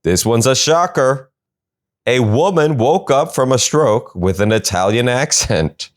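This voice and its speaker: A man hosting a comedy podcast, reading odd news stories and cutting in with sarcastic quips. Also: mid-range voice. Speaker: podcast host.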